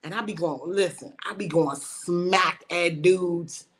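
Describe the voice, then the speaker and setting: A woman in her forties, a comedian telling animated, bawdy stories and laughing often in a casual interview. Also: on the low side, takes it slowly. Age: 40s. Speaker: comedian guest.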